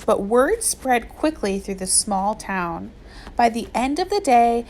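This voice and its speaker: A woman reading a novel aloud in steady storytelling narration. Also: fairly high pitch. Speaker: audiobook reader.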